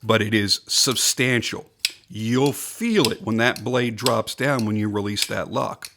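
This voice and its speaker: A man's voice: fairly low pitch, measured pace, gravelly, noisy background. Man giving an emphatic knife review. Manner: enthusiastic, emphatic, repeats points for stress. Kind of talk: casual product review.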